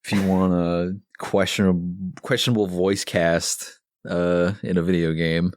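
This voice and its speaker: A man as a guest on a games podcast, talking easily with pauses and fillers. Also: low-pitched, little pitch movement, slight background noise. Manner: easygoing, listing things with pauses and fillers. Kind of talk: casual chat.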